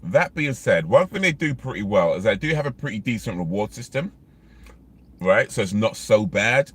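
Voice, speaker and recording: A man's voice: lowish voice, animated, moderate pace, breathy edge. A man, vlogging in casual, rambling chat while eating in his car. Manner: rambling, chatty, many fillers. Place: inside a parked car.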